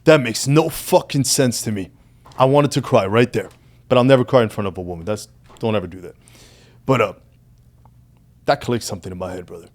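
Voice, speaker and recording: A man's voice: lowish voice, a little fast, pauses often. A man who is a guest on a casual podcast, telling his story animatedly with heavy profanity and calling the host "brother".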